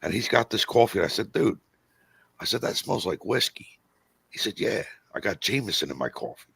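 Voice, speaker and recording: A man's voice: lowish voice, animated, brisk, creaky, a bit bright, husky. A man in his fifties co-hosting a podcast, telling blunt, swearing stories and acting out what people said. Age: 50s. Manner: blunt storyteller, swears, acts out quotes. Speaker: podcast co-host. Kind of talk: casual pub-style chat.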